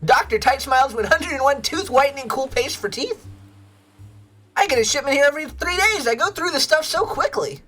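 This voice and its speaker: Woman doing a smug, boastful game dog, bright, bouncy voice, vain about his shiny teeth. He lets the pitch swing up and down as he brags. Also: animated, fairly quick, faint music behind.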